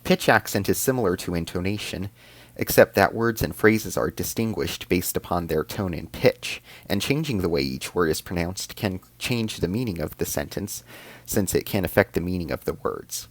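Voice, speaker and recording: Host, male, very low pitch, careful scripted lesson narration, dry studio read. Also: expressive, moderate pace, dry recording. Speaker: video essay host.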